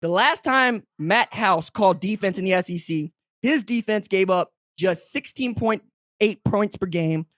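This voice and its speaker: Man, podcast host, emphatic trash talk, swings high for emphasis, dry recording. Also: measured pace, dry recording. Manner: animated, emphatic trash talk with big pitch jumps; talks straight to fans in second person. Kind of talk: solo sports podcast monologue.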